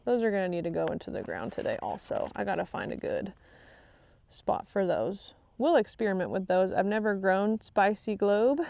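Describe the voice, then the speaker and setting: A woman's voice: medium pitch, vocal fry, dark tone, no echo. A woman hosting a casual gardening vlog outdoors in her garden, chatty and easily distracted, laughing often. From Texas. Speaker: gardening channel host. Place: outdoor garden on a rainy day.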